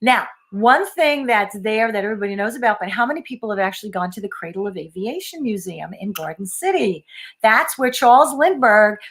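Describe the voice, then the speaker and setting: A woman's voice: mid-range voice, fairly quick. An older woman, telling stories in a casual chat and laughing often. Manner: animated storyteller, laughs often. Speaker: co-host.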